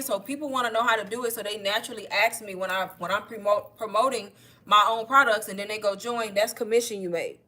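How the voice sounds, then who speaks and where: A woman talking casually on a livestream, pitching online courses, slightly out of breath and calling her viewers "y'all". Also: fairly even intonation, fast, pushed and bright. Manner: chatty, addresses viewers as y'all. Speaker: online marketing creator. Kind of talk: casual livestream sales talk.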